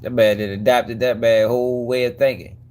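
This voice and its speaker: A man's voice: mid-range voice, little pitch movement, a little fast, darkish tone, clean tone. A man hosting a commentary channel, reacting to clips in a mocking, profane way with frequent laughs.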